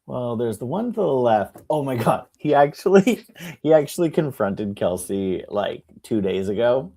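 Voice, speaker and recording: A young man co-hosting a casual chat show, an animated storyteller who acts out the people in his stories. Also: mid-range voice, measured pace, gravelly. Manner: animated storyteller, mimics people with shouts and laughs. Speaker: podcast co-host.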